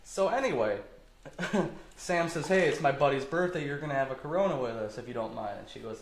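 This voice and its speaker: A man in his twenties from Michigan, telling a story as a podcast guest in a casual, animated and profane way. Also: medium pitch, fairly quick, echoey room, rough recording. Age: 20s.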